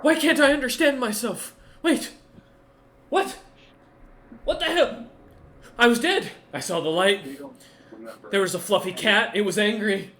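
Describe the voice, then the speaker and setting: A man voicing a frantic talking spider creature in a tabletop game, with high, loud, rushed outbursts. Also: big pitch swings, reverberant, heavily acted. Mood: bewildered.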